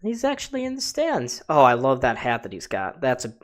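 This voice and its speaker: A man's voice: mid-range voice, wildly swooping pitch, brisk. Chatty man calling live hockey play-by-play. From Buffalo area, USA. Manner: chatty, talks to his chat as "folks". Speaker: livestream host. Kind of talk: live play-by-play reaction commentary.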